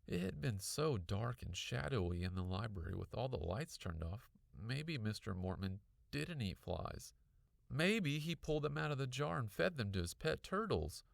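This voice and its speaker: Man, storybook narration, gravelly, lively melody, dry sound. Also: medium pitch, normal speed, no room sound. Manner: lively expressive reading. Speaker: audiobook reader.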